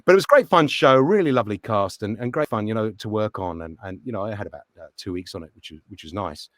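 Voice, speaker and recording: Speaking fast in a fairly low voice, a middle-aged man chats as an interview guest with clean, dry studio sound. An actor and voice actor, he tells lively stories and performs the voices in them.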